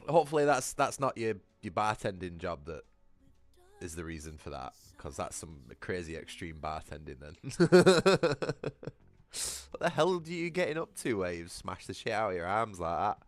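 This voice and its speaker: A man's voice: sits low, big pitch swings, moderate pace, soft background music. A man, chatting casually with his livestream viewers, rambling, swearing freely and laughing often. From Britain. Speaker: gaming livestreamer.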